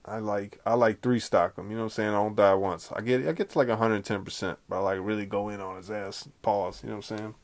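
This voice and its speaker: A man's voice: on the low side, fairly even intonation, fast, few pauses. A man hosting a casual comedy podcast, telling rambling, slangy, jokey stories. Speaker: podcast host.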